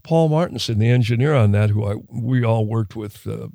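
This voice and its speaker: A man's voice: on the low side, moderate pace, creaky, mellow, dry recording, studio quality. An older man from Minnesota, a guest musician, telling a story in casual interview chat, with rambling, self-interrupting sentences and laughs.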